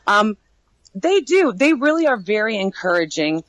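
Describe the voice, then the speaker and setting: A woman who manages and trains the cast of a haunted attraction, talking in a casual interview, animated, laughing often and restarting her sentences. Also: medium pitch, normal speed, no echo, low-quality recording.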